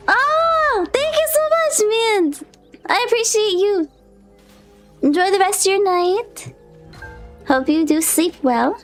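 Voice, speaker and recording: Woman streamer, excitable, squealing, high voice, slow-paced chatter. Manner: excitable, squealing and laughing during play. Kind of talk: live gameplay stream chatter. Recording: game music behind. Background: game music and sounds.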